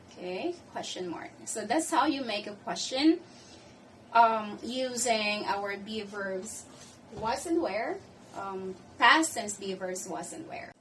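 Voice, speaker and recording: A woman teaching an English grammar lesson, explaining slowly and patiently and often checking in with "okay". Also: mid-range voice, animated, fairly bright tone. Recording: distant mic with faint background noise.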